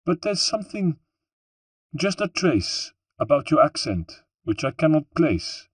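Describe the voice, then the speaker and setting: A man's voice: on the high side, very animated, a little slow, no room sound, voice pushed up. A man voicing a suspicious French guard captain who questions politely.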